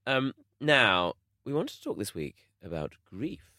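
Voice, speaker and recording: A man's voice: a little slow, no room sound, studio quality. A man co-hosting a podcast in casual chat, telling stories with big swings in his voice. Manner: animated storytelling with big pitch swings. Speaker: podcast co-host.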